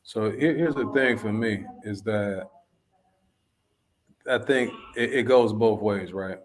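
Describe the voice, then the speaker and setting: A man on a casual podcast chat who talks in a measured, analytical way. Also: lowish voice, slight background noise.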